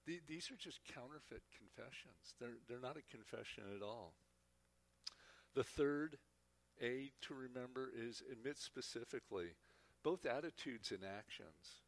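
A man's voice: mid-range voice, lively intonation, a little slow. A man teaching a Bible class, speaking earnestly and often repeating words as he talks. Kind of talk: church teaching talk.

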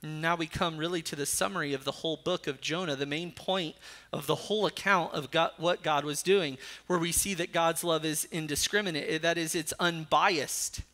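A man's voice: fairly high pitch, steady tone, moderate pace, sharp tone. A man preaching a sermon, reading scripture aloud between teaching points and rising sharply when he voices a character's anger. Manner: rises sharply when voicing Jonah's anger. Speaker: pastor.

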